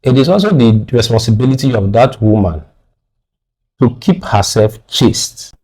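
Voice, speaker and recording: A man's voice: mid-range voice, animated, normal speed, darkish tone, husky. A man with a Nigerian accent, a guest on a radio talk show, arguing his views firmly and repeating words when pressed.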